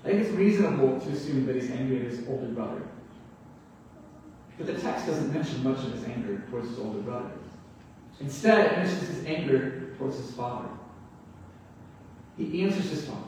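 A man's voice: a little high, animated, fairly quick, pauses often, darkish tone, slight background noise. Man preaching in an echoey hall. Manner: earnest, expository, asks rhetorical questions. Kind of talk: sermon. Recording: echoey hall, mic far off.

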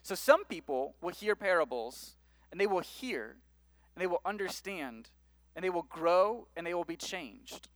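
A man's voice: high voice, no room sound. A man preaching a sermon, reading scripture aloud and then explaining it in a conversational way. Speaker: pastor.

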